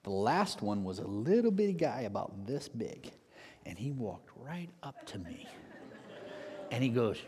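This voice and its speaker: A man gives a sermon and tells his story in an animated way, sometimes acting out voices. His voice sits at an ordinary male pitch. A long reverb trails after his words, as in a large hall. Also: measured pace. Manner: animated storyteller, acts out shouted quotes. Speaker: preacher.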